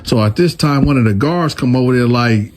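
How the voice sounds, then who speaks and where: A man telling a prison story in a casual, animated way, talking straight to his viewers. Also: medium pitch, fairly quick. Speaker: storyteller, channel host.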